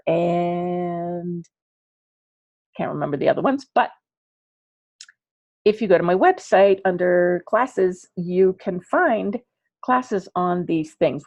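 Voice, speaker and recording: A woman coaching parents in an online class, chatty and animated, acting out little dialogues as she explains. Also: lowish voice, gravelly, dry recording, highs cut off. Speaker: ADHD coach teaching parents.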